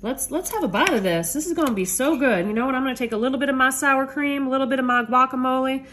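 High-voiced chatty woman cook. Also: fast, fairly bright tone, slight background noise. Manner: chatty, upbeat, addresses viewers as y'all. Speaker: home cook host. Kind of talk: casual cooking demo.

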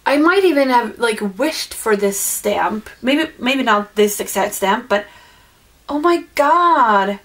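A woman chatting casually at home while unboxing a gift package. She gushes excitedly and fills her talk with fillers and apologies. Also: on the high side. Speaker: vlogger opening a gift swap package. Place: at home indoors, in the evening.

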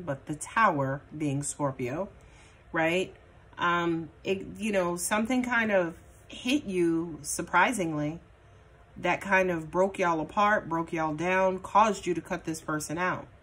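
Blunt, chatty woman tarot reader on the lower side of pitch; loose, casual delivery with profanity. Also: a bit bright. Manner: chatty and blunt, swears casually, many fillers. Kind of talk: casual tarot reading monologue.

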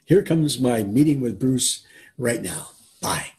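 A man's voice: medium pitch, animated, slow pace, warm tone. A man hosting and introducing a video call interview, speaking earnestly and often repeating himself. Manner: earnest, repeats words while he talks. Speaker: interviewer, host. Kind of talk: casual talk to viewers and interview.

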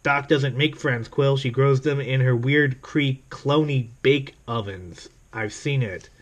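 A man reading the lines of a snarky adult superheroine in a flat, dry manner close to his own voice. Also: medium pitch, slow.

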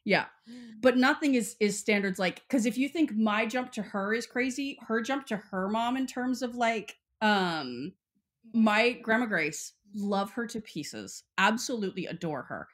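Casual, rambling podcast chat comes from a young Texan co-host who fills it with "like." Her voice is a little high and expressive, and she talks a little slowly.

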